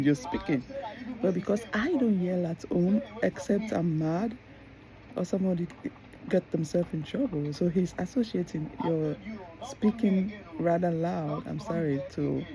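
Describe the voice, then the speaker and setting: A woman with a gravelly, creaky voice talks to camera as a mother telling her own stories. She rambles, restarts and drifts into asides. Loud crowd chatter runs behind her. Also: lowish voice, poor audio. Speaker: mother and vlogger. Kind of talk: casual monologue to camera.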